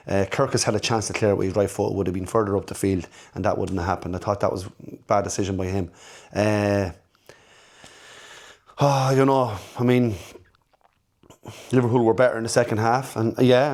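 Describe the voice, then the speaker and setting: A middle-aged man with a fairly low voice talks through a football match in a loose, unscripted way. He is blunt and frank, often stumbling and repeating words as he thinks aloud. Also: darkish tone. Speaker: football fan channel host. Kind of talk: casual fan reaction chat.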